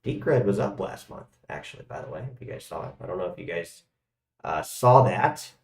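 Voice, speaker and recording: A man hosting a live stream, rambling and swearing, his loudness swinging from shouts to mumbles. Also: low-pitched, animated, moderate pace, vocal fry, a little hiss or hum. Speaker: crypto livestream host. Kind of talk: casual livestream rant. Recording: echoey room.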